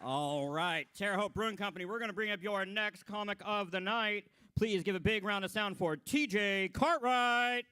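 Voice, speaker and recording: A man hosting a comedy night, loudly hyping the crowd and bringing up the next comic. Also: high voice, normal speed, hardly any pauses, smooth, dry recording. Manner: loud announcer hype. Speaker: comedy show host.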